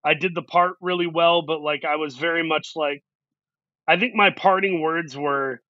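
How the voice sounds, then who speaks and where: A man telling animated anecdotes as a guest in an interview, acting out what people said to him. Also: fairly high pitch, normal speed, dry recording, muffled recording. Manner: animated anecdotes with quoted asides. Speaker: actor guest. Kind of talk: storytelling interview.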